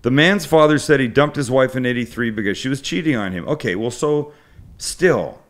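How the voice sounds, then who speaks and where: A man's voice: mid-range voice, normal speed, fairly bright tone. A middle-aged man from Canada, a cooking show host, casually reading out odd news and bantering with his crew, joking and cursing freely. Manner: joking, swears, reads news aloud.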